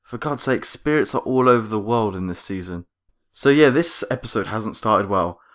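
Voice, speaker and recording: A man's voice: on the low side, expressive, moderate pace, a bit bright. A man giving scripted critique commentary on a cartoon episode, sarcastic and exasperated. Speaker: video reviewer.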